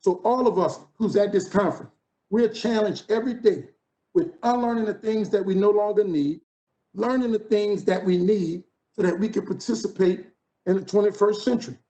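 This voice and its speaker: A man's voice: high-pitched, moderate pace, dark tone, highs cut off. A man in his fifties from New Orleans with a New Orleans accent, giving a motivational keynote with rhythmic, preacher-like repetition. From New Orleans, USA. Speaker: conference keynote speaker. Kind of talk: motivational speech.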